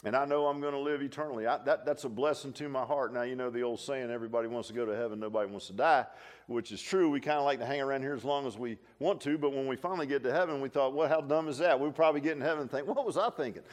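An older man preaching a folksy, animated sermon, full of restarts and asides like "huh?". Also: mid-range voice, racing.

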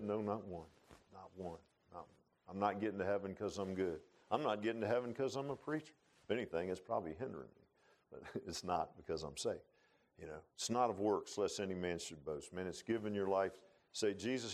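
A man preaching a sermon in a folksy, animated way, often calling listeners "man.". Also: fairly low pitch.

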